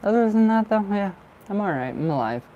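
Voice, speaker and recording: A man's voice: high-pitched, lively intonation, brisk, mellow, dull audio, a little hiss or hum. A tired, chatty man. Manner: chatty, laughing often, trailing off. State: tired and drowsy. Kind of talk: casual chat with viewers.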